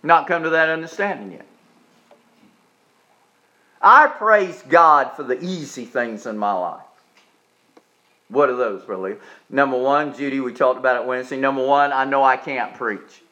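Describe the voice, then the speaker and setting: A man, preaching a sermon in a folksy, joking way and slowing down to repeat his key points with emphasis. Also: medium pitch, bright, forceful tone, highs cut off. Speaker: pastor.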